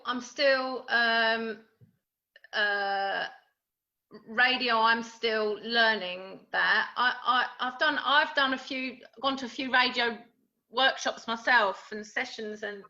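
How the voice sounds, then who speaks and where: A woman's voice: fairly high pitch, bright, forceful tone, lo-fi sound. A woman playwright answering questions casually, hesitant and repeating words. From Essex, England. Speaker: playwright guest.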